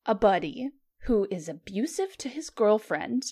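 A woman's voice: medium pitch, very animated, measured pace, mellow, breathy edge. A young woman co-hosting a podcast, chatting casually and reading a listener post aloud, blunt and emphatic. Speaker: podcast co-host.

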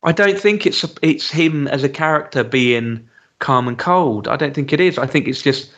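A man talking casually as co-host of a podcast. He hesitates often with ums and restarts, then grows animated and jokey. His voice sits at an ordinary middle pitch. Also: moderate pace, muffled recording. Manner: chatty, hesitant with many ums, animated when joking. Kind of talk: casual chat reviewing a TV episode.

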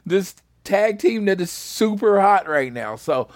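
A man co-hosting a podcast in casual chat, relaxed and laughing easily. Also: sits high, measured pace, no room sound, clean studio sound. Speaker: podcast co-host.

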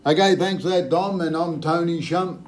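A man's voice: a little high, moderate pace, reverberant. A man hosting a podcast, chatting in a teasing, easygoing way and laughing readily. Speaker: podcast host. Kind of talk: casual banter.

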